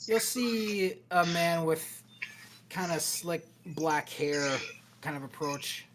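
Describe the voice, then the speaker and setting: A man running a cyberpunk tabletop game as game master, narrating scenes in a steady, descriptive way with pauses. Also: a little high, a little hiss or hum.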